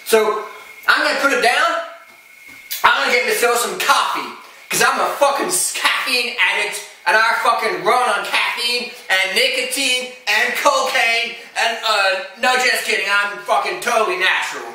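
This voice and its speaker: A man's voice: very high voice, normal speed, bright, forceful tone, exaggerated voice. A man putting on a parody impression of a crude male Hollywood actor who rambles profanely about craving drugs. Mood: ranting. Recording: echoey room, far from the mic.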